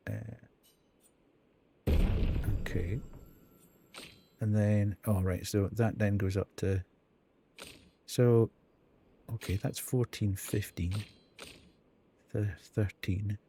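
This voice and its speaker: Slow, mellow-voiced man streaming a game. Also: lowish voice, steady tone, slight background noise. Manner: thinking aloud, counting and reading out menu items. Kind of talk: casual live gameplay commentary.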